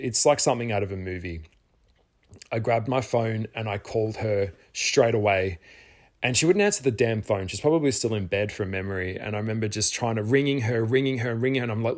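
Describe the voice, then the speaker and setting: A middle-aged man, telling a personal story in a casual vlog, animated, with some swearing. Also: medium pitch. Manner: animated, swears, acts out his own past shouts. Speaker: spiritual vlogger.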